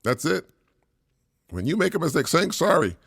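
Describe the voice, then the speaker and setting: A man's voice: a little high, big pitch swings, normal speed, creaky, a bit bright, husky, no room sound, studio quality. A middle-aged man hosting a solo parenting podcast. He talks in an earnest, repetitive way, laughs often and restarts his sentences. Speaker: podcast host, single father.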